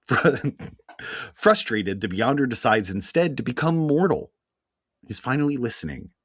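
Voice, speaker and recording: A man with a Philadelphia accent and a husky voice talks through a comic recap with a lively, swooping pitch. He is wry and deadpan and likes to stretch out a sports metaphor. The sound is dry and close, as on a home podcast mic. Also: unhurried, no echo. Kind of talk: casual chat recap.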